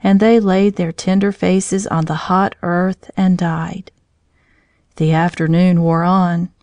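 A woman with a lowish voice reads a children's storybook aloud, gentle and clear. The recording is dry and close, with no room sound. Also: flat delivery, takes it slowly, no room sound.

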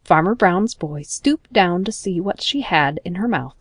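A woman narrating a children's storybook in a gentle, expressive manner. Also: on the low side, unhurried, slightly rough, dry recording.

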